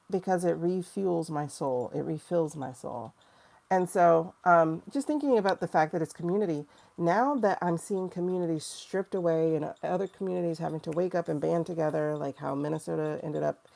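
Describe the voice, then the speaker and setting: A woman in her forties hosts a livestream as a tarot reader, chatting loosely and emotionally as she reads cards and responds to viewer comments. Her voice is low, creaky, and a little mellow, at a moderate pace.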